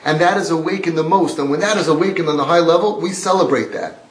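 A man's voice: fairly high pitch, fast. Emphatic man giving a religious lecture. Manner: emphatic, repetitive, quoting religious texts. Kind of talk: sermon-style lecture. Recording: roomy echo.

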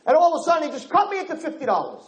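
A man's voice: extremely high pitch, huge pitch swings, very fast, reverberant, voice pushed up, heavily acted. A man voicing an aggrieved young male worker, the lost prince, who whines through a list of grievances. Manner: whiny, listing grievances.

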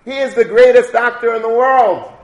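A man's voice: very high voice, moderate pace, voice pushed up. A man voicing a wise old male rebbe who declares his point with rising emphasis. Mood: fervent. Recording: echoey room.

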